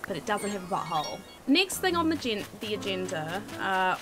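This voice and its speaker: Young female streamer, excitable and swearing, very animated delivery, faint game music underneath. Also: mid-range voice. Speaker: gaming streamer. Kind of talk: casual gameplay commentary.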